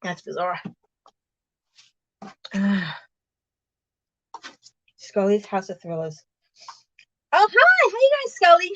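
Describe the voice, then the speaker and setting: A middle-aged woman chatting casually on a live stream, bubbly and warm with viewers, often laughing and greeting them by name. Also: medium pitch, wildly swooping pitch, takes it slowly, long pauses, muffled recording. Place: small room in her truck.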